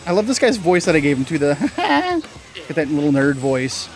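A young man, a gaming channel host, giving casual gameplay commentary, chatty and excitable, swearing mildly and yelping when things go wrong. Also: normal speed. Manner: excitable, bursts into high yelps and laughs at mistakes. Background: faint game music.

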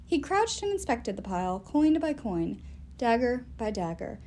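A woman reading a novel aloud in an expressive, animated storytelling way. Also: fairly high pitch, measured pace, a little hiss or hum. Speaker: reader.

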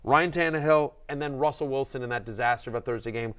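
A middle-aged man hosting a fantasy football show, talking fast and animated, acting out voices as he rants. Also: medium pitch. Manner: animated, ranting, acts out quoted voices. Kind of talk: excited sports analysis chat.

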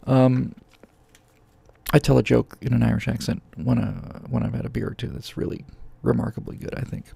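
A middle-aged man with a heavily gravelly, husky voice rants close to a studio mic. He sounds sarcastic and opinionated, and the sound is dry and close, with no room echo. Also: mid-range voice, fairly even intonation, moderate pace, warm tone. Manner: sarcastic, ranting, jumps into mocking voices. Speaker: host answering viewer questions. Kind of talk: opinionated political monologue. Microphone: studio microphone, close.

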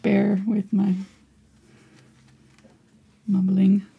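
A woman teaching a live painting lesson in a breathy, soft voice, often mumbling as if talking to herself. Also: mid-range voice, completely flat delivery, drawn-out words, phone-quality sound. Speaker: painting instructor.

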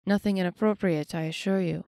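A woman's voice: fairly low pitch, fairly even intonation, normal speed, creaky, dark tone, no room sound, studio quality. A woman reading an audiobook, voicing a cold, refined, menacing male elf. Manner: cold, clipped, commanding.

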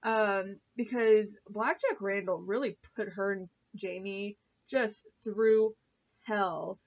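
A woman's voice: mid-range voice, takes it slowly, dull audio. A woman vlogger reviewing a TV episode in a chatty, gushing way, full of fillers and swearing. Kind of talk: casual chat.

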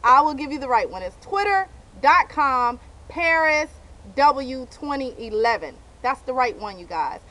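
A young woman vlogging outdoors on a handheld camera, ranting with loud outbursts and dramatic repetition. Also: high voice, very animated, measured pace, low-quality recording. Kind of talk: animated comic vlog rant. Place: outdoors by a car.

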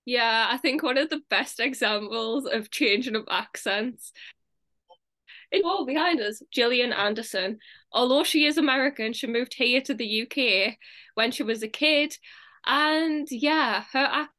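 A young British woman talks about acting in a loose, chatty way. Her voice sits a little high and sounds very bright. She leans on "like" fillers and laughs easily. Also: a little slow. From England. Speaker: actress, guest. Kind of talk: casual interview chat.

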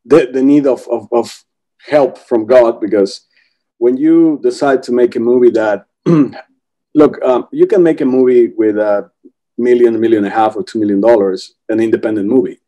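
A man's voice: mid-range voice, moderate pace, mellow. A man, a film director talking casually in a podcast interview, rambling with many restarts. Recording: dull lo-fi remote audio.

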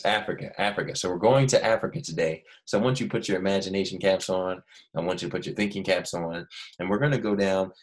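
Male grade-school teacher, low voice, animated and encouraging, leads kids in call-and-repeat. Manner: animated, coaxing children to repeat words. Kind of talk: remote classroom lesson. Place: Los Angeles.

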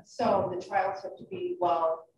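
A woman's voice: fairly low pitch, level tone, a little slow, darkish tone, a little hiss or hum. A woman in the audience asking a speaker hesitant questions. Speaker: audience member. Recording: echoey room, distant dull mic.

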